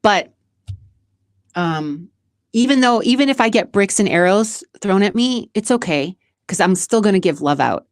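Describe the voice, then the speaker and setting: A woman's voice: mid-range voice, expressive, normal speed, no room sound, clean studio sound. Chatty, emotional woman from Massachusetts. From Massachusetts, USA. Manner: chatty and emotional, laughs often, restarts a lot. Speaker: show host and community founder. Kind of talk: casual vlog answering questions.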